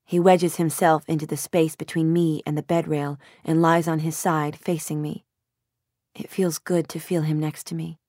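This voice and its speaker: A woman narrating a first-person audiobook in a measured, introspective way. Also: sits low, level tone, mellow, no echo, studio quality.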